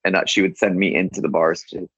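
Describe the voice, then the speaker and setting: A man's voice: deep voice, flat delivery, fast, fairly bright tone, husky, no room sound, dull audio. A man guest on an author interview, telling a rambling story full of restarts and quoted dialogue. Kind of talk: casual anecdotal storytelling.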